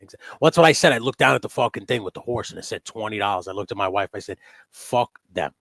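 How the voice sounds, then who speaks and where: A man hosting a live stream in casual chat, telling stories in a profane, animated way. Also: fairly low pitch, rapid-fire, vocal fry, no echo.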